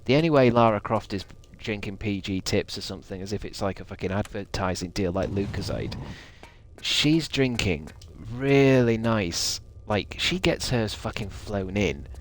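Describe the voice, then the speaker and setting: A man's voice: fairly low pitch, expressive, normal speed, slight background noise. A man streaming a video game, rambling and swearing with a sarcastic edge. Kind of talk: gaming livestream commentary.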